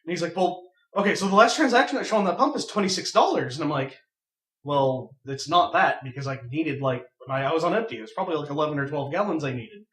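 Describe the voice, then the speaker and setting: A young man casually telling a funny story on a podcast, animated and laughing as he goes. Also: fairly high pitch, fast talker. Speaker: podcast co-host. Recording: echoey room, far from mic.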